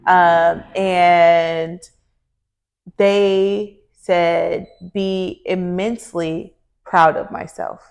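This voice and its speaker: A woman co-hosting a podcast in casual chat, telling stories in an animated, playful way. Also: fairly low pitch, very slow. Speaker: podcast co-host.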